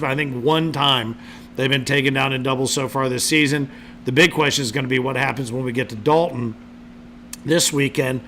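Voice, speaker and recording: Bright, chatty male podcast co-host. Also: mid-range voice, slight background noise. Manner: chatty, jokey, loose with many fillers. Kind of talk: casual show hosting.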